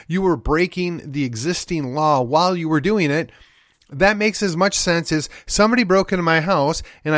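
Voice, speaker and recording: A man's voice: fairly high pitch, fairly bright tone, no room sound, studio quality. A man from Wisconsin hosting his own podcast, delivering an opinionated political monologue in a folksy, emphatic, sardonic way. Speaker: podcast host.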